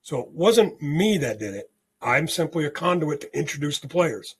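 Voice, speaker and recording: A man guest on a spiritual podcast, telling a story in an animated way and often checking in with "okay?". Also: a little high, moderate pace, a little hiss or hum.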